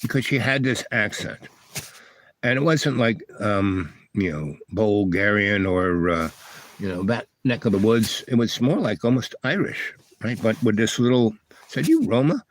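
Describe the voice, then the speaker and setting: Low-voiced older man telling a rambling story. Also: a little slow, no echo. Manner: meandering, many restarts and fillers. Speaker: livestream host.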